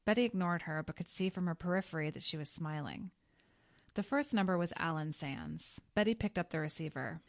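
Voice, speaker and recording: Woman reading a story, lowish voice, calm and even, dry close sound. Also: a little fast, no echo. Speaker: narrator. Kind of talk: scripted audiobook narration.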